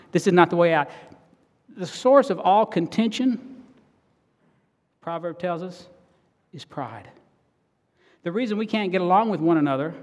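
A middle-aged married man preaching a sermon, telling stories earnestly and swinging between loud and soft. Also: high-pitched, big-room sound. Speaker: pastor.

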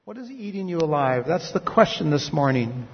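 High-voiced male pastor in reverberant hall. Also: sing-song, normal speed. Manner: reflective, confessional, rhetorical questions. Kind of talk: sermon. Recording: dull lo-fi sound with long hall reverb.

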